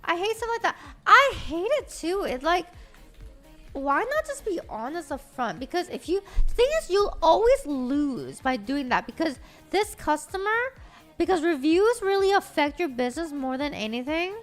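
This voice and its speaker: A woman streamer chatting casually, telling stories in an animated, profane way. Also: very high voice, normal speed, soft background music. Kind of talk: casual livestream chat.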